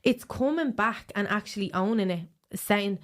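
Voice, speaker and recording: An Irish woman chats easily as a podcast guest, her voice sitting at an ordinary middle pitch. She talks earnestly and keeps looping back with "like" as she explains her ideas. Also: moderate pace. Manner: chatty, earnest, heavy use of "like". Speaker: guest play therapist. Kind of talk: casual podcast conversation.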